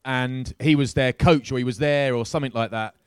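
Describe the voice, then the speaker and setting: A man telling a lively anecdote as a guest at a live show, swearing freely and acting out the people in his story. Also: medium pitch, a little fast, clear, resonant tone, no echo. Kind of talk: animated storytelling. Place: crowded live-show venue.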